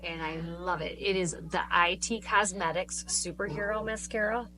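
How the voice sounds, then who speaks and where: A woman's voice: fairly low pitch, steady tone, normal speed, pushed and bright, faint music behind, poor audio. A middle-aged woman co-hosting a podcast in casual chat, telling stories with emphatic, chatty delivery. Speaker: podcast co-host.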